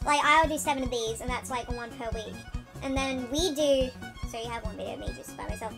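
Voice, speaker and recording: Squealing high-pitched young woman gamer. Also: fairly quick. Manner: loud outbursts and squeals, rambling asides. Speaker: gaming channel host. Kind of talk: excitable let's-play commentary. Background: game music.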